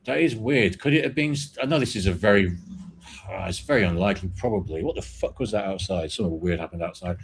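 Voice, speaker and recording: A man's voice: sits low, fast, gravelly, slight background noise. A man with a British accent, a podcast co-host who tells a rambling story and swears casually. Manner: rambling, swears, hedges his claims.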